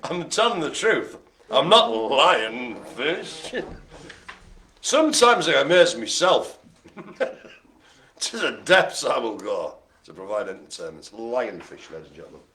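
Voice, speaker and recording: A man's voice: mid-range voice, very animated, a little slow, long pauses, pushed and bright. A man hosting a live bingo game, playful and punning, laughing often. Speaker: bingo host. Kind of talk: jokey live bingo calling. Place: care home activity room.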